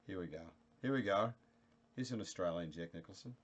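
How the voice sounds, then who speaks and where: A man chatting casually with viewers on a live stream, animated, joking and mocking himself. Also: sits low, a little fast, lo-fi sound.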